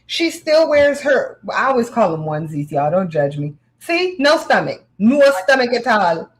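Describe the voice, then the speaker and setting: A woman co-hosting a casual chat, teasing her co-host bluntly and pitching a product like a salesperson. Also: sing-song, moderate pace.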